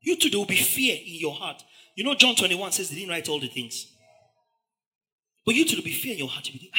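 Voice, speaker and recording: Preacher guy, high bright voice, acts out the crowd and shouts big. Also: sing-song, fast, pauses often. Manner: dramatic, acts out the crowd's lines and shouts them. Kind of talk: sermon.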